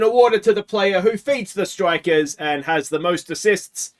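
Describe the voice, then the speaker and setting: An Australian man hosting a let's play, talking casually through a game and swinging from quiet muttering to anguished shouts. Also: high-pitched, unhurried, soft background music.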